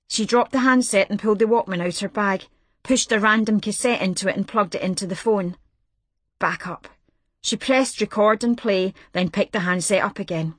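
A woman's voice: mid-range voice, moderate pace, dry recording. Woman narrating an audiobook, dry and close. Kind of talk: scripted narration.

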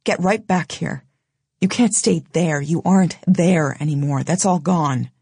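A woman's voice: low voice, a little slow, dark tone, husky, dry recording, studio quality, full character voice. A woman voicing a tough, defiant young woman who speaks in a hard, intent, commanding way.

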